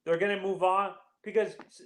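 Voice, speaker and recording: A man in a casual sports chat, building his point in halting starts and restarts. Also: high-pitched, flat delivery, fairly bright tone, roomy sound, low-quality recording.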